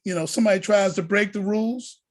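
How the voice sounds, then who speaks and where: A deacon teaches students a college prep lesson over a video call, animated and preacher-like. He has a high voice and talks fast.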